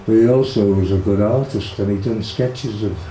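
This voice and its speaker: With a fairly low voice at a moderate pace, an older man from Liverpool rambles fondly about his brother in an interview, using many fillers and restarts. Crowd noise can be heard, along with an echoey room and faint background hiss.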